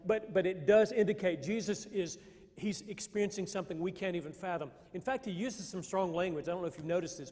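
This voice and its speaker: Conversational preacher in a reverberant church. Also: male voice, high voice, a little mellow. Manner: conversational, halting with restarts. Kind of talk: sermon. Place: church sanctuary. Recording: long hall reverb.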